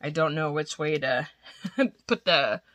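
A woman chatting casually to viewers, gushing and excited, often dropping to a whisper, a little congested from a cold. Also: low voice, takes it slowly, slight background noise. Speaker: crochet vlogger. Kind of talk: casual unboxing chat to viewers.

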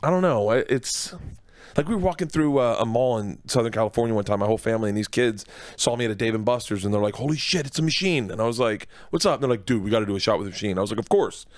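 Excitable rambling male comedian. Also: on the low side, very fast. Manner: rambling, excitable, restarts often. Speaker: comedian guest. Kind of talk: casual interview storytelling. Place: radio studio.

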